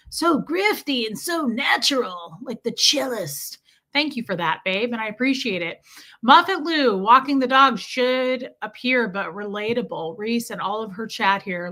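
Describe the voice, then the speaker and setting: This is a young adult woman chatting casually on a livestream from her home. Her voice sits a little high and sounds bright and forward. She talks in a loose, friendly way and often calls her viewers "babe" and "girl.". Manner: chatty, warm greetings, frequent laughs. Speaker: livestream host. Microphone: streaming setup mic.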